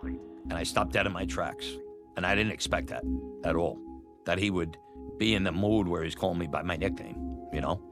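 A man's voice: deep voice, moderate pace, long pauses, music in the background. A man telling a personal story about his youth, candid and conversational, chuckling now and then. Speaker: storyteller, former batboy.

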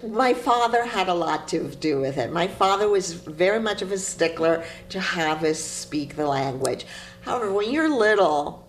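A woman from Cuba, a poet, telling stories in an interview with an animated manner and frequent laughter. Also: lowish voice, normal speed, a little hiss or hum, low-quality recording. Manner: animated storytelling, laughs often. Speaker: poet guest. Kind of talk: interview conversation.

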